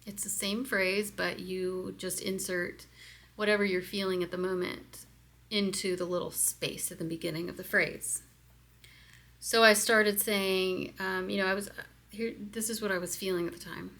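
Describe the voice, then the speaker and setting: A woman's voice: medium pitch, steady tone, moderate pace, fairly bright tone. A woman giving a candid, hesitant self-help lesson, with many fillers as she explains step by step. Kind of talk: casual personal instruction video.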